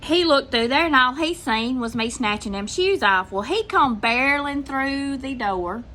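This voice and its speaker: A woman's voice: sits high, expressive, normal speed, pushed and bright. An older woman with a Southern US accent, casually telling a long story to her viewers and acting out what people said. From Mississippi, US. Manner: chatty, drawling, acts out quotes. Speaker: channel host telling a story.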